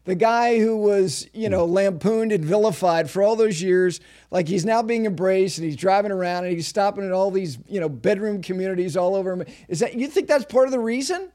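A man's voice: high voice, brisk, hardly any pauses, dark tone. A man hosting an interview, asking questions in a casual, teasing, conversational way. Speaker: interviewer, host.

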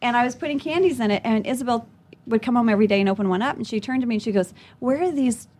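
A woman's voice: a little high, rapid-fire. A woman from Louisiana, a comedian, telling funny stories in casual chat, acting out quotes and laughing often. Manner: animated storyteller, acts out quotes, laughs often.

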